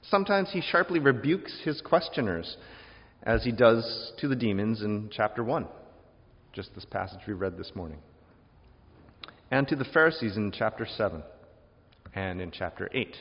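A man's voice: fairly low pitch, moderate pace, pauses often. Wry male preacher in an echoing hall. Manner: lively, acts out quoted questions with voices; wry, with laughs and asides. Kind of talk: sermon. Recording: dull lo-fi sound with long hall reverb.

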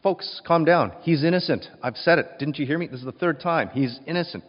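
A man's voice: on the high side, animated, moderate pace, voice pushed up, close to an everyday voice. A man voicing an impatient, exasperated Roman governor in a sermon, his tone pleading and short-tempered. The recording sounds dull and has a long reverb tail.

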